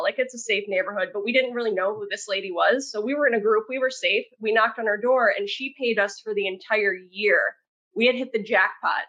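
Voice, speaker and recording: A woman guest on a podcast telling stories casually, chatty and expressive. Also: medium pitch. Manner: chatty, talks with her hands, many "like" fillers. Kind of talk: casual storytelling.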